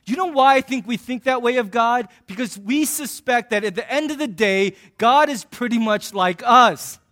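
A man's voice: very high voice, normal speed, fairly bright tone. A man preaching a sermon in a conversational, joking way, acting out little scenes between points. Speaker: pastor.

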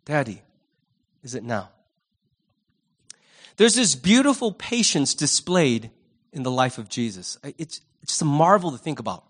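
Animated, high-voiced male preacher. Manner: animated and humorous, acting out quick voices; conversational, asks the audience questions. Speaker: pastor. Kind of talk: sermon.

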